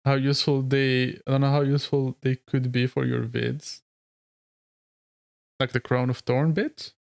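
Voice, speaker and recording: A male streamer talks loosely with his viewers at a middling pitch. He rambles, leans hard on filler words and laughs often. The mic is close and the sound is dry, with no room echo. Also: little pitch movement, a little slow, gravelly. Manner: rambling, heavy use of "like", frequent laughs. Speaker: streamer and lore video creator. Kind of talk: casual live-stream chat.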